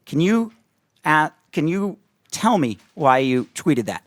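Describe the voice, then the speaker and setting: A man putting on the voice of a hesitant, earnest interviewer, stammering and gentle. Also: on the high side, very animated, slow pace, dry recording, voice pushed down. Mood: meek hesitant.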